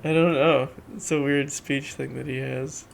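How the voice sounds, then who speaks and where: A streamer chatting casually while playing a game, joking along with a co-host. The voice is gravelly and creaky at mid pitch. Faint game music sits underneath. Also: steady tone, moderate pace. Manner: playful, reads game dialogue aloud.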